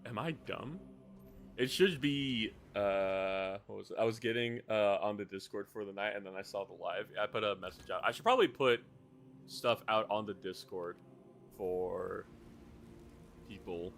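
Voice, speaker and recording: Guy streaming games, low voice, rambly, swears a lot, slight hiss behind. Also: normal speed, creaky, a bit bright. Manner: rambling, swears often, restarts sentences. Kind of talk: casual live-stream chat while gaming.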